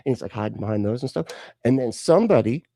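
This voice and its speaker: A man's voice: medium pitch, lively intonation, fast, creaky, warm tone, dry recording. A man rambling through a comic drunken retelling of a story, interrupting himself often. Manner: rambling, self-interrupting, tipsy. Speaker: podcast co-host.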